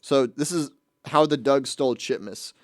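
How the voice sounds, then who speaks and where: A man's voice: medium pitch, moderate pace, no room sound, clean studio sound. A man hosting his own radio show, chatting casually between songs in a rambling, amused way and often correcting himself mid-sentence. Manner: rambling, amused, with frequent restarts and self-corrections.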